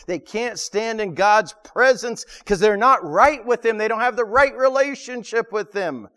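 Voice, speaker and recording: A man's voice: extremely high pitch, animated, a little slow, hardly any pauses, fairly bright tone, big-room sound. A man preaching a sermon to his congregation, emphatic, often repeating words and asking the room questions. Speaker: pastor. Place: church sanctuary.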